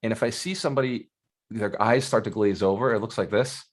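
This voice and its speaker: Energetic man coaching a live audience. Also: on the low side, brisk. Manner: energetic, direct, asks the audience questions. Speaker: real estate mentor.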